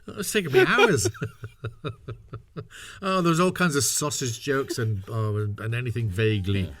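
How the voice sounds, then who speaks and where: A man's voice: medium pitch, unhurried, pauses often, a bit bright. A middle-aged man telling stories in a casual interview, chatty and self-mocking, laughing often. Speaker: interview guest, voice actor. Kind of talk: casual anecdotal interview talk.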